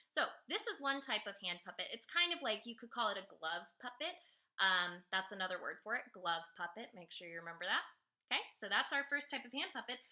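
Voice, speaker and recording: A woman's voice: mid-range voice, pushed and bright. A woman teacher giving a friendly, upbeat lesson to her class by video, explaining step by step in a chatty way.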